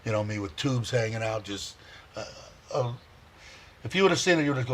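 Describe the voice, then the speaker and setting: A man hosting a casual livestream, rambling warmly, chuckling and reading viewer comments aloud. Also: medium pitch, animated, a little fast, pauses often, slight background noise. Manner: heartfelt, chuckles often. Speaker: livestream host.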